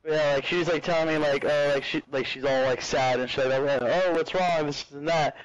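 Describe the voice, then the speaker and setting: A man's voice: on the high side, fairly even intonation, normal speed, muffled recording. A young man streaming a game, telling a long story in casual chat, full of "like" and swearing. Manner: rambling storyteller, heavy filler "like", swears freely. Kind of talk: casual chat while gaming.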